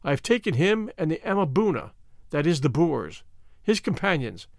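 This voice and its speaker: A man's voice: fairly high pitch, big pitch swings, moderate pace, creaky, no echo, clean studio sound. A man voicing a loyal male warrior captain who addresses his king formally and deferentially.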